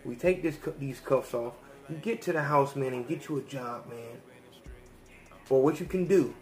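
A man voicing a smooth-talking police officer who quietly coaxes a suspect. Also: moderate pace, faint music behind, close to an everyday voice. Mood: coaxing. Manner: low, quiet, coaxing. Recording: roomy echo.

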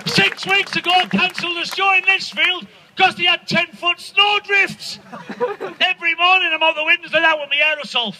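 A man doing stand-up to an outdoor protest crowd, ranting loudly and swearing, shouting his punchlines. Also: very high-pitched, fairly even intonation, moderate pace, background noise. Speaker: stand-up comedian.

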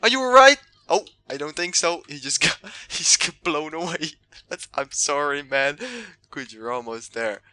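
A young man giving excitable let's play commentary, yelling and trash-talking the game. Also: a little high, unhurried. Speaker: gamer.

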